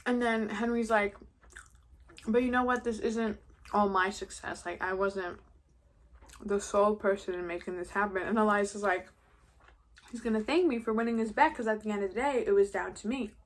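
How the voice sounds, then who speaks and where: A teenage girl vlogging from home, recapping a story in a loose, gossipy way. Her voice sits at an ordinary middle pitch for a woman, and she talks like she is catching up with a friend. She swears playfully now and then. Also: fairly even intonation, normal speed. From New York. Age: late teens. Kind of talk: casual story recap during a mukbang.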